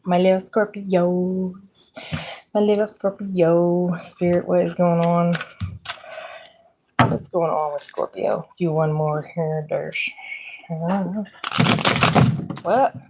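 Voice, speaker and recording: A woman's voice: on the low side, fairly even intonation, takes it slowly, pauses often, noisy background. A woman with a Midwestern accent giving a casual, rambling tarot reading, chatty, laughing often and using lots of fillers. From Pennsylvania. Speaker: tarot reader.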